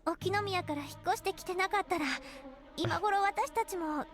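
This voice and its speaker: An actress voicing an anxious, cheerful teenage girl in a visual novel, high and pleading. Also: fast, a bit bright. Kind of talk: Japanese visual novel voice acting. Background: game music.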